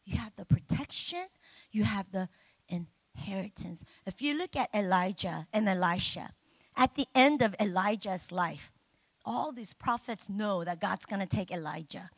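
A middle-aged woman preaching a sermon, chatty and humorous with the congregation and bursting into loud, emotional exclamations. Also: mid-range voice, expressive, a little slow, husky, dry recording.

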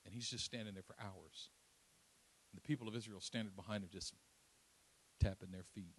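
A man preaching a sermon, acting out the voices of scripture figures and swinging between loud and hushed delivery. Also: on the low side, a little fast, long pauses, a little hiss or hum. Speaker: pastor.

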